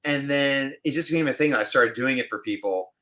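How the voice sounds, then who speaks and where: A man from New York, an actor, telling an animated story in a casual interview and acting out the people in it. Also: mid-range voice, a little fast. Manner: animated storyteller, acts out other people's voices.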